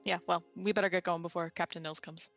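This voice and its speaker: A player in a tabletop game who talks quickly and laughs often. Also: mid-range voice, steady tone, vocal fry, fairly bright tone, muffled recording, faint music behind. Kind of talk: tabletop role-play.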